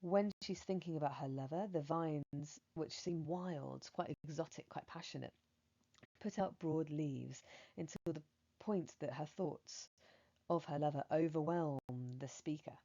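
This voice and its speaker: A woman with a low, mellow voice giving a revision lesson as an English teacher. She explains in a measured way and reads verse aloud. The recording sounds slightly dull and lo-fi.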